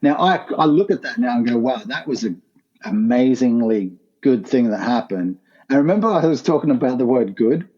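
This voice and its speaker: A man's voice: mid-range voice, animated, moderate pace, a little mellow, slightly rough, dull audio. A man, a podcast guest telling a raw personal story in an earnest, intense way with casual slang. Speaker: podcast guest, former pro skateboarder. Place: his art gallery, remote call.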